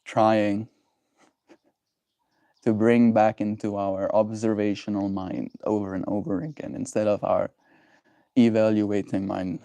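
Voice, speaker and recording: A man hosting a livestream, chatting with viewers and musing slowly and gently about emotions. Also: on the low side, level tone, vocal fry, no echo. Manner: gentle, musing, thoughtful pauses. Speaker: livestream host. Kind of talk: reflective livestream chat.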